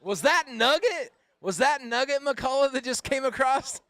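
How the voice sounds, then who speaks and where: A man calling a street bike race live outdoors, excited and playful, cheering the riders on. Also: extremely high pitch, unhurried. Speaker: race announcer.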